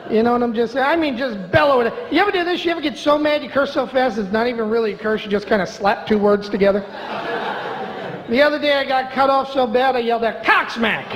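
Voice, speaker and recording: A man's voice: very high voice, fast, lo-fi sound, background noise. A middle-aged man doing a stand-up comedy set in a club, brash, profane and mock-outraged. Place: comedy club stage before a live audience. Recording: reverberant club with audible ambience.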